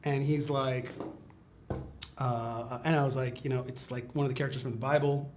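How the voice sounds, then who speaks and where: A man, a rabbi telling a personal story in a chatty, animated way. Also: medium pitch, moderate pace, slight background noise. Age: 40s. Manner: chatty, quotes others in acted asides, lots of "like" and "okay". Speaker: rabbi and teacher. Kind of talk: storytelling talk on a live-stream.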